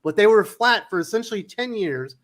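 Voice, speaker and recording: On a relaxed comics news livestream, a male host spins a story at a fairly quick clip in a high-pitched voice. He's an animated storyteller who swears and loudly acts out the quotes.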